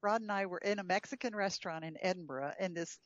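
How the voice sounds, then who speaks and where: A woman's voice: on the low side, quick pace, no room sound, lo-fi sound. A woman guest telling a travel story in casual chat, chatty with frequent fillers and laughs. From United States.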